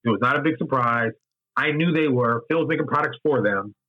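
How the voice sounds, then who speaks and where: Man, 50s, candid interview guest. Husky, repeats himself for emphasis, muffled lo-fi recording. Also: mid-range voice, fairly quick. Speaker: interview guest, game designer. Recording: dull lo-fi sound.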